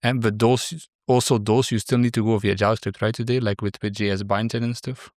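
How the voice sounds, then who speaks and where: A man's voice: lowish voice, little pitch movement, fairly quick, dry recording, clean studio sound. A man hosting an interview, chatting casually and hesitantly, with many restarts and "uh"s. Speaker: podcast host.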